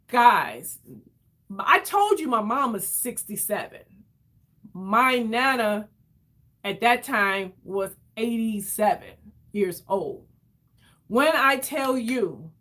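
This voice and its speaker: A woman telling an emotional story to her viewers in a casual, animated way, calling them y'all and acting out what others said. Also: fairly high pitch. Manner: animated, addresses viewers as y'all, acts out quoted voices. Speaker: vlogger.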